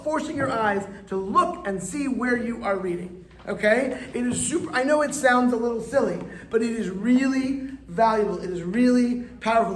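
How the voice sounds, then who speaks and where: A man, a rabbi, teaching a live classroom lesson in a chatty, playful way and coaxing his students to answer. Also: extremely high pitch. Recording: echoey room with faint ambient noise.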